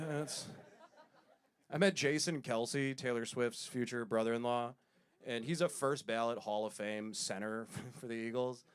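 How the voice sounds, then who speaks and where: A man telling stories in a stand-up comedy set, self-deprecating, with quick asides. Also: medium pitch, fairly even intonation, smooth.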